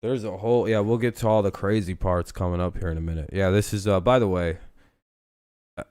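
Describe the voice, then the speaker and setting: A man's voice: low voice, steady tone, brisk, a little mellow, clean tone, no echo, studio quality. A man hosting a casual live football news stream, joking and rambling with plenty of swearing.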